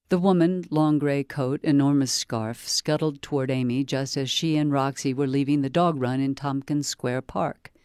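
A woman librarian reads the opening page of a novel aloud in a calm, measured way. Her voice sits low for a woman. The sound is dry and close, with almost no room echo. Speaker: librarian reading a book excerpt. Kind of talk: read-aloud book narration.

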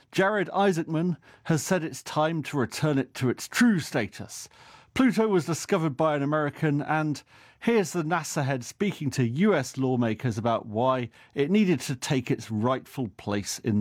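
Lively, playful male radio host. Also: a little high, normal speed, no room sound, clean studio sound. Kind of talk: radio science show presenting.

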